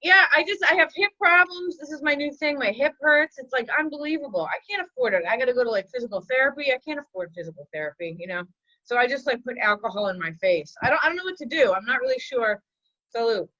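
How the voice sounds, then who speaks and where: A woman in her forties, a comedian rambling through self-mocking stand-up bits with a deadpan delivery. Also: high voice, fast talker, dry recording, lo-fi sound. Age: 40s.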